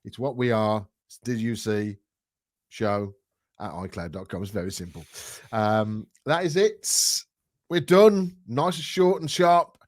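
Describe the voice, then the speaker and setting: A man co-hosting a casual chat, blunt and dismissive with a jokey edge. His pitch swings widely as he talks, and the sound is close and dry. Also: animated, a little slow, dry recording. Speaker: podcast co-host.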